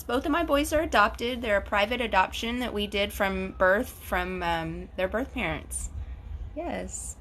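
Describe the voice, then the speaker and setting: Forties woman host, effusive chatty livestreamer, bright forward tone. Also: medium pitch, slight background noise. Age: 40s. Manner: chatty and effusive, reads out comments. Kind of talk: casual live-stream chat.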